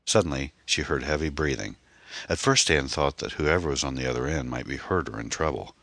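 A man narrating a mystery novel in an expressive, dramatic storytelling manner. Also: rumbling low, fairly quick, no room sound. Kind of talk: audiobook narration.

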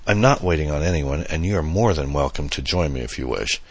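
A man's voice: very deep voice, animated, fairly quick, exaggerated voice. A man voicing a tired, reserved young woman photographer who speaks politely but guardedly in an audiobook reading. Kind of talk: audiobook character voice.

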